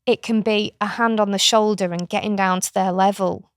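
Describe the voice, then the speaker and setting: A middle-aged British woman, an author and kinship carer, guests on a podcast and chats frankly while explaining a parenting approach, slipping into playful voices now and then. Her medium-pitched voice is clear and resonant, with fairly even intonation at normal speed, and there's no room sound.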